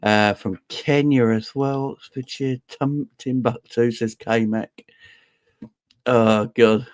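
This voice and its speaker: Upbeat streamer, mid-pitched man, dry close sound, casual shout-outs to chat. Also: fairly even intonation, slow, no room sound. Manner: upbeat, shouting out viewers by name. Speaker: host of a football fan livestream.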